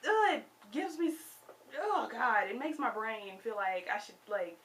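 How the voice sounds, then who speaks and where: A woman vlogger reviewing a TV show in a casual, exasperated rant with sudden loud outbursts. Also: on the high side, big pitch swings, a little slow. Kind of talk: casual ranting commentary.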